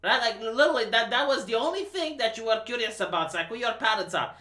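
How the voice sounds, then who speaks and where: Animated, incredulous man ranting profanely. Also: extremely high pitch, quick pace, a little hiss or hum. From Romania. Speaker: livestream host. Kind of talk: casual movie rant. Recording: roomy echo.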